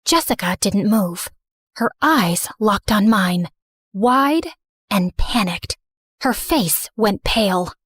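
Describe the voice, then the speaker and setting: A woman narrating a scripted animated story in first person, earnest and remorseful. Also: mid-range voice, slow pace, breathy edge, no echo, clean studio sound.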